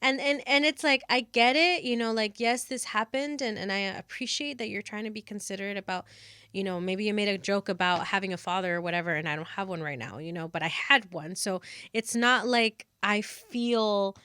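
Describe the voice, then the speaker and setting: A woman's voice: medium pitch, a little fast, pushed and bright, clean tone, no room sound. A woman co-hosting a podcast in casual chat, talking in rambling runs full of fillers and restarts. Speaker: podcast co-host.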